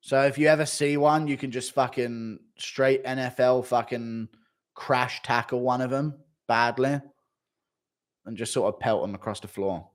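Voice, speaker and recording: A man's voice: medium pitch, fairly even intonation, measured pace. Laughing, crude male streamer. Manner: crude, laughs often, swears freely. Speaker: streamer reading donations. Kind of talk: casual livestream chat.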